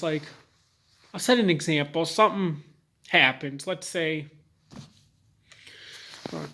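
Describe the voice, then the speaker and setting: Halting, rambling young man, slightly high voice. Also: pushed and bright, slight background noise. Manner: rambling and halting, full of fillers and restarts; earnest and candid. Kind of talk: personal vlog monologue.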